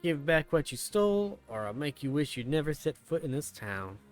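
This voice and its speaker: A man voicing a greedy, bullying male merchant with a slow, sneering delivery. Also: on the high side, big pitch swings, soft background music.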